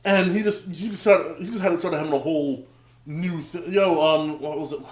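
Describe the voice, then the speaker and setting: A young man co-hosting a podcast, telling stories in a casual chat, swearing a lot and acting out heated quotes loudly. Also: fairly high pitch, normal speed, echoey room. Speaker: podcast co-host.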